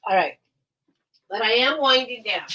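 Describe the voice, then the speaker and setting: A woman's voice: on the high side, animated, normal speed, pushed and bright, lo-fi sound, a little hiss or hum. A woman hosting a casual live-stream sale, chatty and rambling, laughing often while recovering from being unwell.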